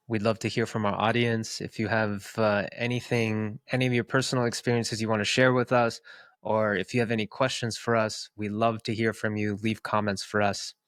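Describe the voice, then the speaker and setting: A man's voice: on the low side, fairly bright tone, no room sound, clean studio sound. A man co-hosting a podcast, speaking earnestly and reflectively, repeating words for emphasis. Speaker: podcast co-host. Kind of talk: reflective casual conversation.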